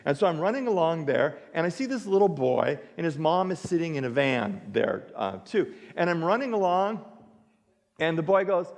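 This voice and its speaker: A male pastor preaching a sermon, telling a story with lively acted-out dialogue. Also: high-pitched, moderate pace. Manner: animated storytelling, acts out dialogue. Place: church sanctuary. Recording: reverberant church sanctuary.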